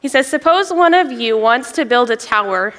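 A young woman, a children's ministry director, preaching a sermon in a church, chatty and lively, often laughing as she tells a story. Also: on the high side, moderate pace. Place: church sanctuary. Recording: long reverb of a large hall.

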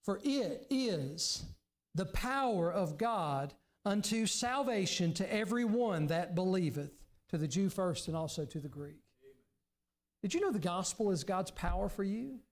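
A man preaching a sermon as pastor in a church, earnest, now and then dropping to a hushed, pleading voice. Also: high voice, lively intonation, unhurried. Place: church sanctuary.

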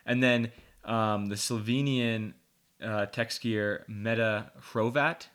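A man's voice: on the low side, steady tone, takes it slowly, a bit bright. A man hosting a casual interview, asking a guest how to pronounce a list of names. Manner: curious, checks each name. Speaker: host.

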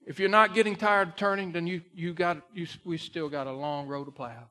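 A male pastor preaching a sermon in a folksy way that builds to loud, emphatic climaxes. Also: a little high, steady tone, a little fast.

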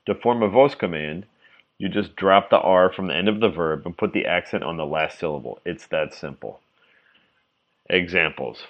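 A man with a very low voice reads a language lesson from a script, steady and measured. He slows down over each example word so it comes through clearly. The recording sounds a little dull and lo-fi. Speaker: reader of a language article. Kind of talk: scripted reading of an article.

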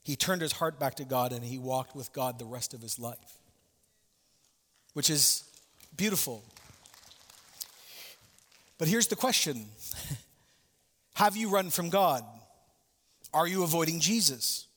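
A man's voice: a little high, expressive, takes it slowly, pauses often, fairly bright tone, long reverb tail. A male pastor preaching a sermon, telling a story with asides and direct questions to his listeners.

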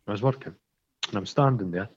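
A Scottish man co-hosting a podcast, telling stories in a sweary, animated way and acting out the quarrels in them. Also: fairly low pitch, a little fast, dull audio, a little hiss or hum. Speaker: podcast co-host. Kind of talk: casual chat.

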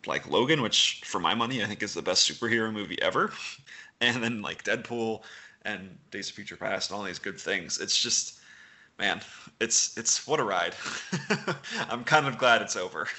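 Bright-voiced laughing male podcast host. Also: lowish voice, normal speed. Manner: laughs often, animated asides. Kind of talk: casual film chat.

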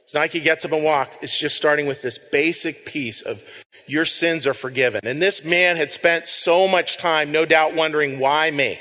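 A man's voice: fairly high pitch, normal speed, few pauses, sharp tone, big-room sound. A man giving a sermon as pastor, speaking in a conversational way and repeating words as he reads scripture aloud. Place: church sanctuary.

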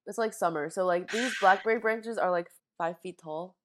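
A woman's voice: lowish voice, normal speed, a little hiss or hum. A young woman co-hosting a podcast, retelling a family memory in casual chat, acting out quotes and laughing. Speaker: podcast co-host.

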